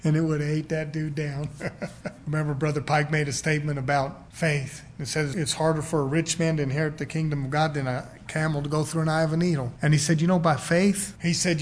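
High-voiced man preaching a folksy sermon. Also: a little fast, slight background noise. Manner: folksy, emphatic, swings between loud and quiet; acts out quoted voices.

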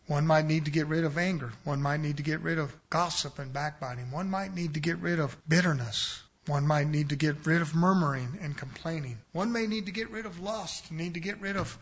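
A man, the pastor, preaching a sermon in church with folksy examples, swinging between loud emphatic bursts and quiet asides. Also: fairly high pitch, a little fast, hardly any pauses, husky. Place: church sanctuary.

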